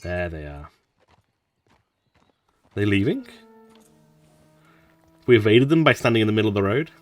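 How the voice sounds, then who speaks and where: A man's voice: lowish voice, sing-song, a little slow, recorded from a distance, faint music behind. A man casually commenting on his playthrough as a gaming streamer, chatty with mumbled asides. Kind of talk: casual let's-play commentary.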